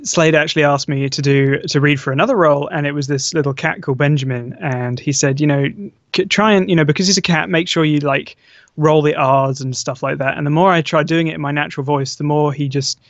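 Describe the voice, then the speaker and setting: A man, a voice actor, answering interview questions in a modest, hesitant way with many pauses. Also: a little high, no room sound, lo-fi sound. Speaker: voice actor guest. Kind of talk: casual online interview.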